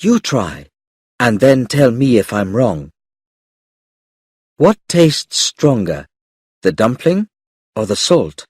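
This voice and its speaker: An elderly Chinese kung fu priest with a Chinese accent, patient and exacting, as a man reads him aloud in a storybook. He speaks slowly, quietly and deliberately, in a slightly husky voice that carries little room sound. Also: mid-range voice, big pitch swings, no room sound, studio quality, heavily acted. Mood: calm, instructive. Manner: slow, quiet and measured.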